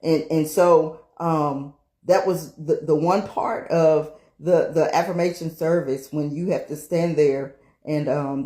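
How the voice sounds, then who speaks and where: A woman's voice: deep voice, mellow. A woman minister giving an emphatic, testimony-style sermon. She repeats phrases for emphasis and often checks in with "right?". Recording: roomy echo.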